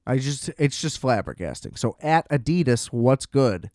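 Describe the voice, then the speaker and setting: A man hosts a solo podcast and rants in an exasperated, profane way. He acts out sarcastic exchanges as he talks. His voice sits at a middle pitch, and the recording is dry and close, with no room sound. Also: lively intonation, normal speed, a little mellow, no echo. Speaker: podcast host. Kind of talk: solo ranting monologue.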